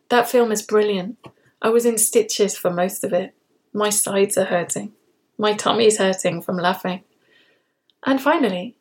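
British woman, podcast English teacher, clear slow delivery, mid-pitched, repeats key words. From Britain.

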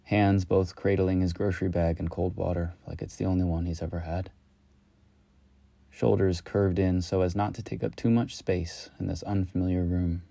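A man reading a reflective personal story in a slow, measured, lyrical way. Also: low-pitched, little pitch movement, vocal fry, dark tone, no room sound. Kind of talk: reflective spoken-word storytelling.

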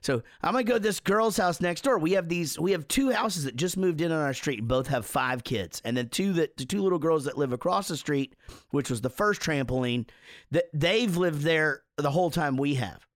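Man, podcast co-host, casual storytelling, rambling, swears, higher voice, dry sound. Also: expressive, moderate pace, dry recording. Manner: rambling, profane, laughs while telling stories.

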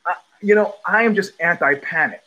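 A man's voice: sits high, pushed and bright, lo-fi sound. Rambling, stammering middle-aged male host. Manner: digressive, stammering restarts, profane, quick laughs. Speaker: podcast host. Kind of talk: rambling live-stream monologue. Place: home.

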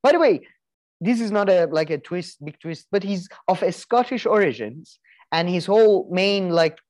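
A young adult man co-hosting a podcast in casual chat, rambling with lots of restarts and casual swearing. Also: on the high side. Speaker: podcast co-host.

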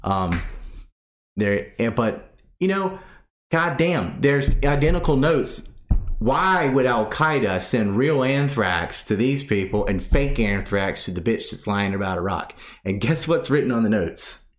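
A man talking in a casual podcast conversation, animated and profane, breaking into loud outraged bursts. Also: medium pitch, a little slow. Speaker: podcast guest.

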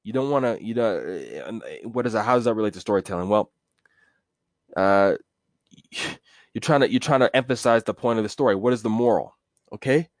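Male podcast host, low and laid back, casual monologue with fillers. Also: brisk, no echo, clean studio sound. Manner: relaxed and conversational, with many fillers.

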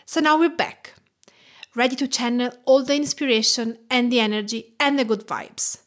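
A woman in her thirties from Tuscany with an Italian accent, hosting a food podcast in a warm, enthusiastic, scripted way. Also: a little high, steady tone, normal speed. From Tuscany, Italy. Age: 30s. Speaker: podcast host, cooking teacher.

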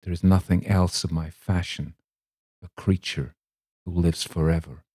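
A man reads aloud as an ancient, lonely lady from an old storybook, speaking low and soft in a drear, far-off manner. The voice is dark and dry, and it drifts as though she is talking half to herself. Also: fairly even intonation, measured pace, husky, dry recording. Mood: dreary. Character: frail, lonely ancient lady who thinks she lives forever.

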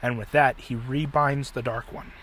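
A middle-aged man hosting a podcast, casually retelling a story in an animated way and acting out the quotes. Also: medium pitch, normal speed, slight background noise. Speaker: podcast host.

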